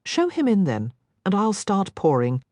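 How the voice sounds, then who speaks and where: A woman narrator voicing a confident, witty young noblewoman, brisk and teasing. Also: medium pitch, wildly swooping pitch, a little mellow, dry recording, voice pushed up.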